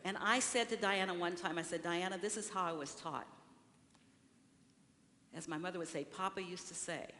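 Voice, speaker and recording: At normal speed but with long pauses, a woman with a low, pushed, bright voice preaches from the pulpit of a large church. Her sermon is conversational, full of questions for the congregation and acted-out quotes, and it carries with a long echo over faint room noise.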